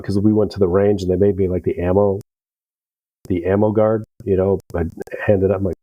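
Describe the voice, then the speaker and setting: A man's voice: low-pitched, flat delivery, moderate pace, pauses often, mellow, no echo, muffled recording. A middle-aged American man, a veteran guest on a podcast, telling rambling stories with profanity and acted-out dialogue. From United States. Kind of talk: casual storytelling.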